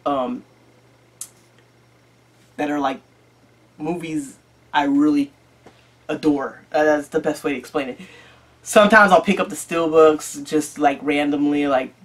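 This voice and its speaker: Casting: male vlog host, slightly high voice, loose rambling delivery, profane and jokey. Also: fairly bright tone. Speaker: YouTube collector channel host. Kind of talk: casual chat.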